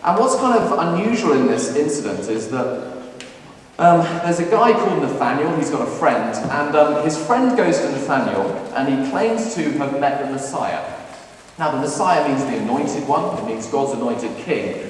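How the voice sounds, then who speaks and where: A man giving a lively lunchtime talk to students, acting out quotes with playful humor. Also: on the high side, moderate pace, a little hiss or hum. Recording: echoey hall, recorded from a distance.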